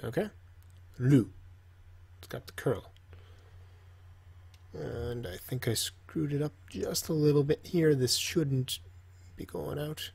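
A man's voice: medium pitch, slow pace, gravelly, pauses often, darkish tone, breathy edge. A man casually teaching, joking and talking to himself while he draws. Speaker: language teacher. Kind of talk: casual tutorial while drawing.

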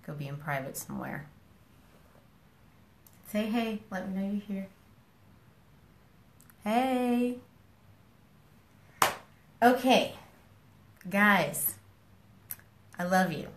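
A woman's voice: mid-range voice, animated, drawn-out words, long pauses, roomy sound, slight background noise. Frank woman scolding her followers. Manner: frank, scolding yet affectionate, repeats herself. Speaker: social media personality talking to followers. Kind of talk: casual live-stream talk to followers.

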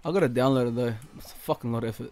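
A young man giving casual gaming commentary, swearing a lot, laughing often and yelling now and then. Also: mid-range voice, quick pace. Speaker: gaming YouTuber.

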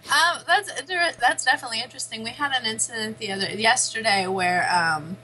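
Young adult woman, guest on a podcast, bright and lively; chatty, laughs easily; light background hiss. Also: fairly high pitch, fairly quick, rough recording. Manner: storytelling, laughs often. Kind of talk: casual chat.

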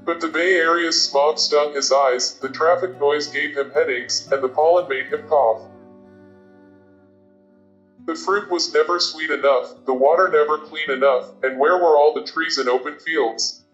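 Brief: male narrator for an audiobook, fairly high voice, recorded in an echoey room with dull lo-fi sound. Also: fairly even intonation, measured pace, a bit bright. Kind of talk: audiobook reading. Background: faint guitar music.

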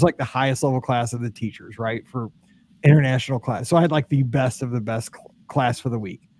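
A man hosting a podcast, telling a rambling, animated story in casual chat and laughing often. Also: mid-range voice, breathy edge. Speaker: podcast host.

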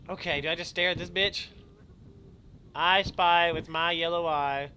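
A man streaming a horror game in let's-play commentary, goofy and jokey, swearing freely and bursting into loud shouts. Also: fairly high pitch, steady tone, measured pace, pauses often, a little hiss or hum. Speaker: gaming streamer.

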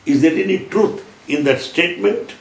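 A man with an Indian English accent giving a devotional talk to followers, emphatic, reading out quotations and dates slowly and deliberately. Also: high-pitched, vocal fry. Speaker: spiritual lecturer. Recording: echoey hall.

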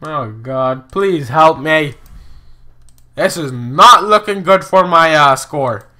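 A young man talks through a geography guessing game in a loose, chatty way, often exclaiming and poking fun at himself. His voice is very bright, with a lively, swooping pitch, and he takes his time between phrases. Keyboard clicks and typing sit behind him. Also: slow pace. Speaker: gaming video host. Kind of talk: casual gameplay commentary.

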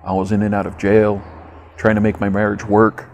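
A man's voice: fairly low pitch, monotone, normal speed, creaky, darkish tone. A man speaking as a survivor, giving a personal testimony in a plain, matter-of-fact way. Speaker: survivor telling his story.

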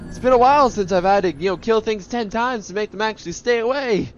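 An excitable man talks through a video game in a high, lively voice that leaps up sharply whenever he gets hit. He mocks himself and groans at his failures. The recording carries a clear layer of background noise. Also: fairly quick. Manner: excitable, yelps and groans at deaths, self-mocking. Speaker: gameplay commentator. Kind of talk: let's play commentary.

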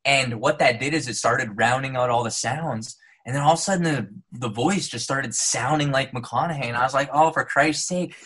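Canadian actor guy on a podcast, trained neutral north american accent, bright edgy tone with a bit of husk, animated, does little voices for quotes. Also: medium pitch, brisk, few pauses, slightly rough. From Saskatchewan, Canada. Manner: animated storyteller, acts out quotes. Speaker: guest, actor. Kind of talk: casual podcast interview.

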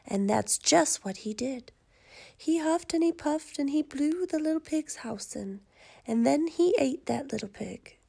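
A woman narrating a children's story in a measured, expressive way. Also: high-pitched, vocal fry.

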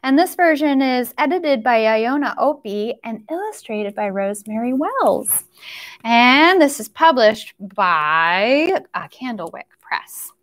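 Library lady doing nursery rhymes for little kids, sing-songy, high voice, takes her time. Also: big pitch swings. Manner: cheerful sing-song rhyming with slowed, stretched lines. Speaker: children's librarian leading storytime. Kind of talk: storytime with nursery rhymes and songs. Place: library storytime recorded on camera.

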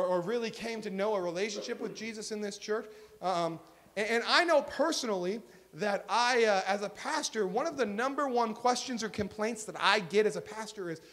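Male pastor, high voice, earnest sermon, emphatic lines that fall to a hush. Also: normal speed. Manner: earnest, swings from emphatic to hushed. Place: church sanctuary.

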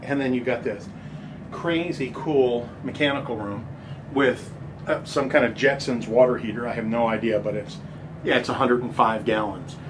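Walking through a big vacant house, a middle-aged man acting as a real estate agent jokes and rambles to the camera, a little winded. He speaks in a mid-range voice at a moderate pace. Background noise is present, and the bare rooms echo.

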